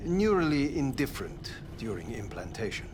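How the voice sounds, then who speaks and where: An actor playing a cold, clinical older male scientist in a video game, speaking in a measured, formal and detached way. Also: mid-range voice, sing-song, background noise, natural voice. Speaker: game character.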